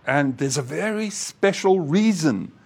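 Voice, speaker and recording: A man preaching a sermon in a slow, earnest way, pausing often and restarting phrases. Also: fairly high pitch, lively intonation, a little mellow, breathy edge.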